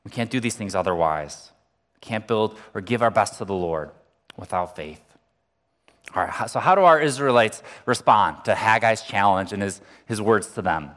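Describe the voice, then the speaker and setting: A man's voice: lowish voice, expressive, normal speed, fairly bright tone, long reverb tail. A man preaching a sermon as pastor, talking earnestly and conversationally and lifting his voice when he reads scripture.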